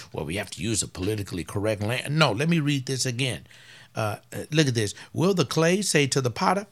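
A man preaching a fiery sermon as pastor, swinging from loud outbursts to hushed asides. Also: medium pitch.

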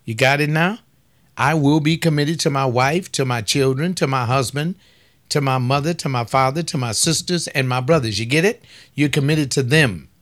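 A man's voice: medium pitch, normal speed, a bit bright. A man giving a folksy, preaching-style talk on family life. He teases his listeners and fires off rhetorical questions.

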